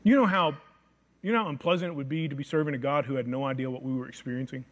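A man preaching a sermon, reading scripture aloud and slowing down to stress key phrases. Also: medium pitch.

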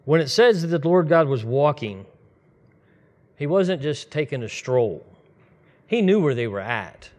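A man's voice: on the high side, very animated, unhurried, long pauses, a little mellow. A man preaching a sermon in a conversational, storytelling way, speeding up in bursts. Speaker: pastor.

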